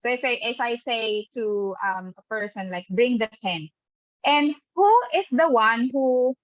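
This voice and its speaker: A woman's voice: fairly high pitch, a little slow, dry recording. A woman teacher running an online lesson who keeps checking in with the class by asking "right?". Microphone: webcam mic on a video call. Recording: dull, dry video-call audio.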